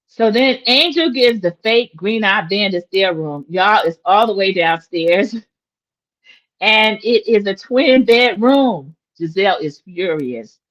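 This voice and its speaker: A woman's voice: medium pitch, animated, slow, a bit bright, low-quality recording. A woman in her forties chatting opinionatedly as she recaps a reality TV episode for her viewers. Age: 40s. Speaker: recap host.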